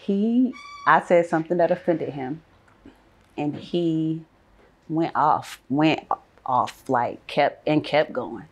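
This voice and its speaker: Low-voiced woman, calm storyteller. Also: slow pace. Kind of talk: casual group chat.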